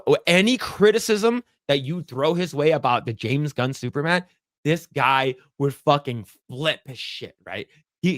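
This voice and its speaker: A man hosting a casual podcast chat, swearing freely and acting out quotes in a loud, high voice. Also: no echo, studio quality. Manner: animated, profane, acts out quotes in a loud high voice. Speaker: podcast host.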